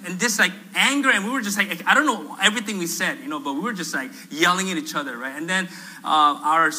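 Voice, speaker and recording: A male pastor telling a story in a sermon, animated and self-deprecating, acting out the voices of the people in it. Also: a little high, rough recording. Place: church sanctuary.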